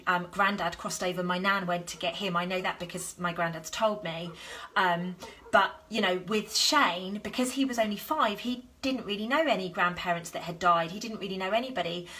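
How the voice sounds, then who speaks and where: A woman who works as a health coach, telling a personal story on a live stream in an animated, earnest way and acting out the dialogue. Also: mid-range voice. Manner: animated, earnest, acts out dialogue in her stories. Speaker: health coach and business founder.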